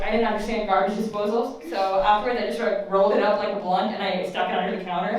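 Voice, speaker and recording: Young female stand-up comic, chatty and profane, laughs at her own lines; distant mic, very echoey room. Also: a little high. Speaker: stand-up comedian. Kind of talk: stand-up comedy set. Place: student comedy open mic.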